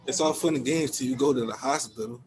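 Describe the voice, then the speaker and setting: A man's voice: medium pitch, quick pace, over a noisy crowd. A man cutting into a casual chat with friends, restarting his sentences. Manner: cuts in with stammered restarts.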